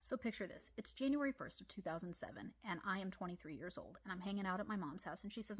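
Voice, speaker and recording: A woman with an Ozarks accent telling comic personal stories, animated with deadpan asides. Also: mid-range voice, fast talker, hardly any pauses, breathy edge. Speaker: storyteller. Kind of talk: comedic personal storytelling.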